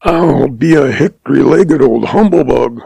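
A man's voice: mid-range voice, measured pace, gravelly, warm tone, no echo. A man voicing a blustering old frontier man who talks in folksy, drawling exclamations. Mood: snorting.

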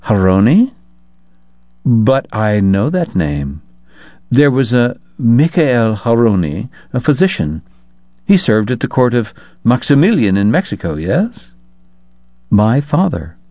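A man's voice: medium pitch, very animated, slow pace, pauses often, warm tone, dry recording. A man voicing a courtly, modest priest who was once a minor prince, speaking politely and measuredly. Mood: courteous. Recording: dull lo-fi dry recording.

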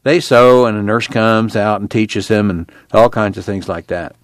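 A man voicing a calm camp watchman who explains things in a matter-of-fact way. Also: lowish voice, moderate pace, dry recording, studio quality, close to an everyday voice.

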